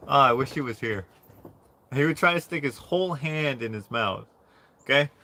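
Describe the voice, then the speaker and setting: Slow, bright-voiced man telling a story. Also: mid-range voice, very animated, gravelly, slight background noise. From Canada. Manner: rambling, keeps laughing mid-story. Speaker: livestream host. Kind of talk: casual storytelling on a livestream.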